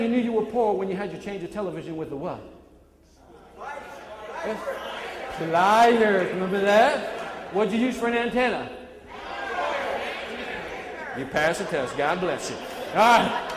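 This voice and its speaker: A man's voice: high voice, unhurried, long pauses, crowd noise, noisy background. Chicago guy in his 40s, fired-up motivational talk, lots of questions back at the room, long hall reverb. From Chicago, USA. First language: not English. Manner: energetic, quizzing the room, call-and-response. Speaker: motivational speaker. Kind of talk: live motivational speech.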